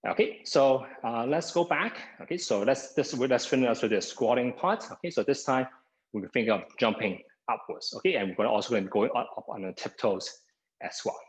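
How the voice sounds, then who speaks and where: A man leads a live online exercise class from home over a video call, somewhat out of breath, starting nearly every cue with "okay" and counting down the seconds. His medium-pitched voice is animated and brisk, and the video call mic gives a rough recording.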